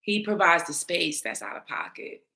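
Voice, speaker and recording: Blunt woman panelist with a low, punchy voice; casual commentary, curses freely. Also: big pitch swings, moderate pace, gravelly, sharp tone. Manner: blunt, emphatic, swears freely. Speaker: battle rap panelist responding to viewer comments.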